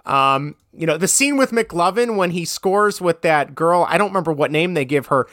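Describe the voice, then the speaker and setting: A woman's voice: lowish voice, lively intonation, moderate pace, fairly bright tone, no room sound, studio quality. A woman co-hosting a casual chat about a movie, rambling, quoting scenes and searching her notes aloud. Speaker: podcast co-host.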